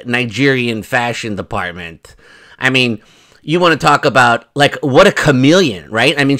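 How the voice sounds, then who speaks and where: Male vlog host with a bright, forceful voice, rambling casual chat to viewers. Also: medium pitch. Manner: chatty, rambling, mocking asides. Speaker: commentary channel host.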